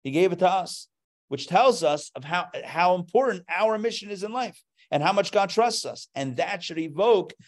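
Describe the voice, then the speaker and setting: A man, a rabbi, giving a live class to an audience, explaining terms step by step and growing animated as he goes. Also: sits high, normal speed.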